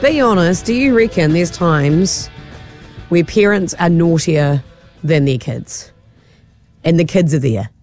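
A woman's voice: lowish voice, slow pace, pauses often, faint music behind. A woman co-hosting a drive-time radio show, telling stories in casual chat and acting out the people in them. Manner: storytelling, animated, acts out quotes. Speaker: radio host. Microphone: studio mic.

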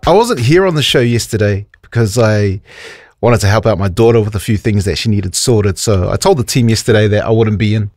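A man's voice: on the low side, brisk, a little mellow, dry recording, faint music behind. A male radio host in casual banter, animatedly telling stories and acting out the voices of people he quotes.

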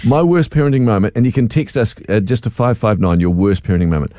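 A middle-aged man co-hosting a radio show, telling a story in an animated, self-mocking way and laughing along. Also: fairly low pitch, fast, no room sound, studio quality. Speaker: radio co-host. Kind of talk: casual on-air storytelling.

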